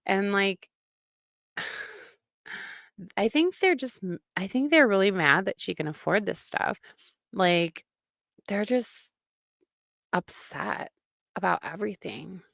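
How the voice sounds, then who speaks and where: A woman's voice: mid-range voice, expressive, slow pace, creaky, pauses often, a bit bright, no room sound, clean studio sound. A woman hosting a livestream, giving blunt, mocking reaction commentary, swearing freely.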